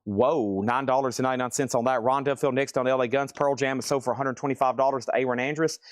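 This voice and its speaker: Excitable man calling out record prices. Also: mid-range voice, no room sound, studio quality. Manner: excitable, calls out titles and prices in quick bursts; frequent exclamations of surprise. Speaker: record seller running a live auction. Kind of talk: live online sales stream.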